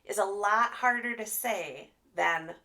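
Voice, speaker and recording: Gravelly-voiced woman giving an animated lesson. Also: mid-range voice, takes it slowly. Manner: animated, demonstrates sounds with expressive voice. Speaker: speech therapist. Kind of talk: live online training talk.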